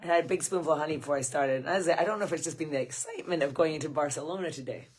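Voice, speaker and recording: Woman, losing her voice, husky and croaky, chatty livestream host who greets viewers by name. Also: low voice, very fast. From Scotland. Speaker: screenwriting coach hosting a livestream Q&A. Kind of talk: casual livestream chat.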